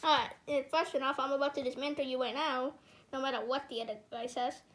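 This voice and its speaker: A woman's voice: high-pitched, fairly even intonation, fast, fairly bright tone. A woman voicing every character in a homemade cartoon, with frantic yelps and cries of pain. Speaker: fan animator voicing all characters.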